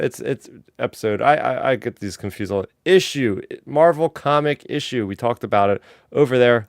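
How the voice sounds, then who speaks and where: A man's voice: medium pitch, clear, resonant tone, no echo, studio quality. A man hosting a fan podcast, running through announcements and news in an enthusiastic, casual way. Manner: enthusiastic, talks through housekeeping. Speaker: podcast host.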